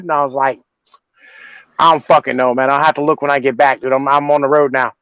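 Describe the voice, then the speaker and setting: A man's voice: on the high side, fairly even intonation, fast talker, fairly bright tone, no echo. Brash swearing man, dull dry audio. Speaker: guest. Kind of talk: casual profane chat.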